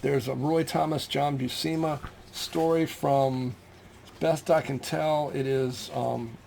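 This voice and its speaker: A middle-aged American man, a comic collector, shows off his finds in a casual chat, rambling with plenty of ums and restarts. His voice is mid-range, gravelly and a little mellow, with fairly even intonation and a slow pace. There's a slight hiss or hum in the recording.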